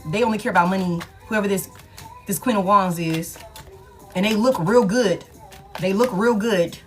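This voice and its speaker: A woman gives a casual tarot reading in a slangy, emphatic manner, repeating points and swearing freely. Her pitch is mid-range for a woman. Soft music runs faintly underneath. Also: moderate pace. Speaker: tarot reader.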